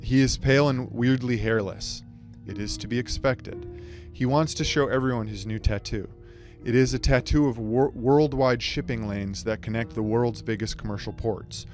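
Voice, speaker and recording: This is a man giving an absurd, rambling comic speech, delivered dryly and deadpan. He stumbles and breaks off for quick asides. Faint music plays behind him. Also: mid-range voice. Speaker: speech contestant. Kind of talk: surreal comic monologue.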